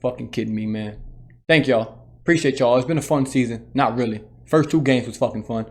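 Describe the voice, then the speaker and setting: A man's voice: mid-range voice, a little fast, darkish tone. A man hosting a sports channel, ranting heatedly as a fan and swearing often, repeating his points. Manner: heated, profane, repetitive ranting. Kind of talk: solo fan rant.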